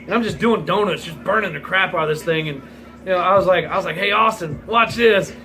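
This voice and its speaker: A man's voice: high voice, quick pace, sharp tone, rough recording. A man in his forties telling a rambling, profane story in a casual vlog, laughing as he goes. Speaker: vlogger.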